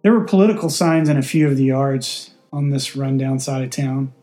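A man narrating a story in a steady, deadpan way. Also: medium pitch, normal speed, soft background music.

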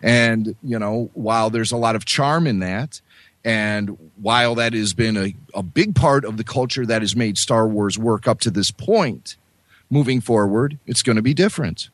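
A man co-hosting a podcast, explaining his views in a measured, firm way. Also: lowish voice, dry recording. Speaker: podcast co-host. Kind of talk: casual podcast discussion.

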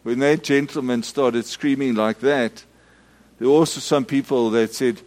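A middle-aged Methodist minister, giving a storytelling sermon full of restarts and acted-out shouts. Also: male voice, medium pitch, fairly even intonation, unhurried. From South Africa.

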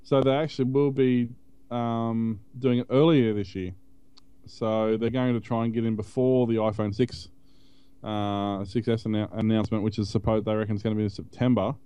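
A man's voice: on the low side, fairly even intonation, normal speed, mellow, smooth, no echo, dull audio. A man co-hosting a tech podcast, chatting casually in a rambling way. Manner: rambling, many fillers and restarts. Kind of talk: casual chat.

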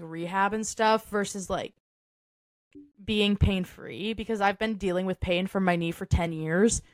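A woman's voice: medium pitch, no room sound. A young woman co-hosting a podcast in casual chat, loose and talkative, with lots of "like" and "um" fillers and frequent laughter. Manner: chatty, full of "like" and "um" fillers, laughs often. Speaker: podcast co-host.

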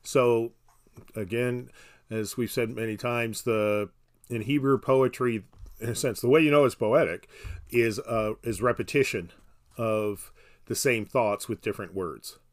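A man explaining scripture in a casual podcast conversation, halting with restarts and dry humor. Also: mid-range voice, fairly even intonation. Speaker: Bible teacher. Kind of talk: casual Bible study podcast.

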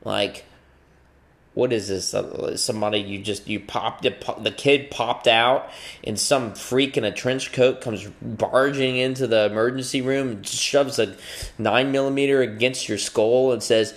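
A man's voice: mid-range voice, a little slow. A man delivering a profane comedic rant, bouncing between musings and acted-out voices. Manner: profane, animated, acts out voices mid-rant.

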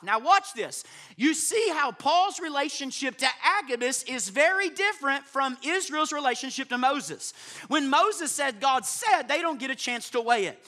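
High, bright-voiced preacher man. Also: lively intonation, moderate pace. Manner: emphatic, keeps checking in with listeners. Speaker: preacher teaching pastors. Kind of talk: sermon. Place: live before a room of listeners.

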